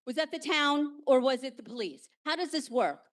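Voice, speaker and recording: A woman's voice: high-pitched, animated, moderate pace. A woman giving an agitated, emphatic public comment at a town meeting, repeating her points.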